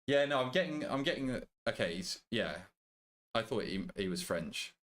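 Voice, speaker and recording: A young British man streaming a game, chatting casually with his viewers, joking, swearing and thinking out loud. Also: mid-range voice, expressive, normal speed. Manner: banters with chat, swears casually, thinks aloud. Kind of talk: casual live-stream chat.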